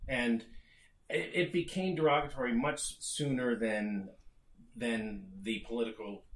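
A man's voice: medium pitch, steady tone, unhurried. Middle-aged guy cohosting a podcast, explains stuff, restarts a lot, echoey room. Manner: explanatory, restarts phrases, acts out quotes. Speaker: podcast co-host. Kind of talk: casual discussion. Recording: roomy echo.

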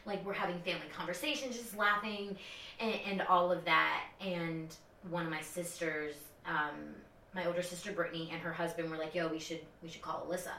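A young woman telling a personal story in casual podcast chat, animated and full of fillers. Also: fairly quick, far from the mic, slight background noise. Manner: animated, many fillers, high-pitched quoted voices. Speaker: podcast co-host. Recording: echoey room, off-mic.

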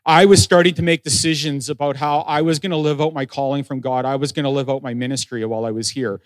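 A man's voice: mid-range voice, fairly even intonation, quick pace, no room sound. A middle-aged man, a pastor, telling his story in a sermon, acting out conversations with self-deprecating humor. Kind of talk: sermon testimony.

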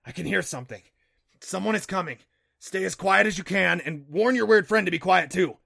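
A man's voice: high-pitched, animated, fairly quick, gravelly, sharp tone, breathy edge, no echo, studio quality, voice pushed up, exaggerated voice. A man voicing an alarmed, protective winged creature who gives urgent, bossy warnings in a storybook.

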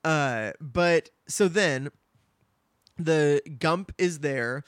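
A man's voice: on the high side, drawn-out words, clear, resonant tone, no room sound, studio quality. A man co-hosting a podcast, casually recapping a film scene by scene with laughter. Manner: chatty, laughing, animated retelling. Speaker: podcast co-host.

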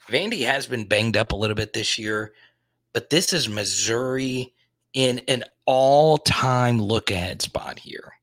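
A man's voice: mid-range voice, fairly bright tone, no echo. Dry-voiced man rambling about sports bets. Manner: rambling, frustrated, thinks aloud. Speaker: sports show host. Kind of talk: casual sports betting talk.

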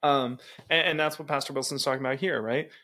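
A podcast co-host with a medium-pitched, steady voice talks fast, sounding pushed and bright. He reads passages from a book aloud and comments on them emphatically, often asking "right?" and laughing between points.

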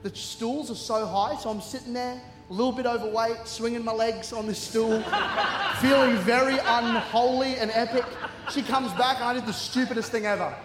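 A guest preacher with an Australian accent delivers a storytelling sermon in a large church hall with a congregation, his voice very high-pitched and brisk with hardly any pauses. He tells funny, self-mocking stories with bursts of laughter, animated and humorous, while music plays behind him in the echoey hall with faint ambience.

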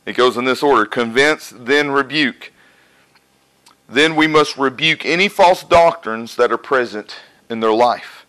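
Bright-voiced preacher man. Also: medium pitch, measured pace, poor audio. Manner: asks the congregation questions and answers them. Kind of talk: conversational sermon. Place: church, live congregation.

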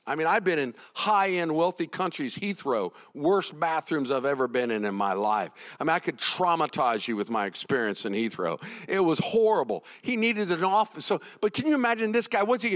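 Animated high-voiced male preacher. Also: brisk, in a large hall. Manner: animated, swings from hushed to loud; repeats and restarts words. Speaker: pastor. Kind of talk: sermon.

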